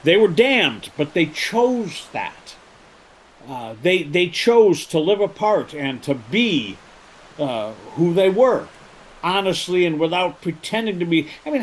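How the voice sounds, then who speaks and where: Animated male storyteller, lively high voice. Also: a little hiss or hum, rough recording. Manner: animated storyteller, laughs easily. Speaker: guest, pirate holiday co-founder. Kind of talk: casual interview chat.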